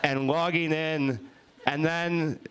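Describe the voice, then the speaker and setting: A man's voice: on the high side, steady tone, slow, a bit bright, smooth. A young man doing an improvised stand-up set, rambling and swearing and laughing at his own stories. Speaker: improv comedian. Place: winery comedy show with live audience.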